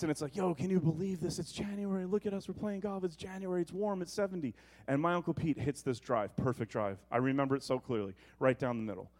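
A middle-aged male pastor delivering a sermon, moving between loud emphatic preaching and quiet, conversational storytelling. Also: mid-range voice.

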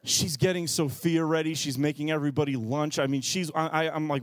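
A man in his thirties preaches with an animated, self-mocking storytelling manner. His voice sits high for a man and swings up as he gets worked up. The sound is close and dry. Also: fairly quick, hardly any pauses, no room sound. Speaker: pastor. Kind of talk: sermon storytelling.

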